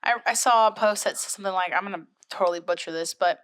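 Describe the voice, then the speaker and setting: A woman co-hosting a casual podcast, reacting loudly and rambling through stories. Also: medium pitch, fast, clean tone. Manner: reactive, exclaiming, rambling storyteller. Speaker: podcast co-host. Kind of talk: casual chat.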